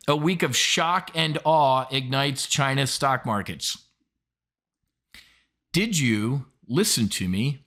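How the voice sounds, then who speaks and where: A middle-aged American man hosting a market show in a blunt, profane style. He hammers his points home and throws in sarcastic asides. His pitch sits in an ordinary middle range. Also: a bit bright. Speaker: market commentary host. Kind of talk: opinionated market commentary.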